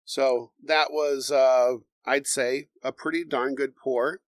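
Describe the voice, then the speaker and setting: A relaxed podcast co-host chats casually through a bourbon tasting, speaking at an ordinary pitch in a measured, explanatory way and reading tasting notes aloud. The sound is close and dry, without room echo.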